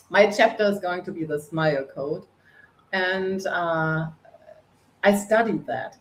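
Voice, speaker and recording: A woman's voice: fairly low pitch, slow, poor audio. A middle-aged woman from northern Germany with a German accent, speaking bluntly and with energy as a guest coach on a podcast. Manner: energetic, blunt, laughs often. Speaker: guest, face yoga coach. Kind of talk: podcast interview.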